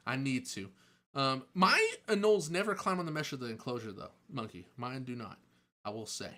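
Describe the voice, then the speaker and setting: Bright-voiced excitable man answering chat. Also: medium pitch, a little fast. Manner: chatty, excitable, jokes and laughs often. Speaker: streamer answering chat questions. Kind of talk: casual live-stream Q&A.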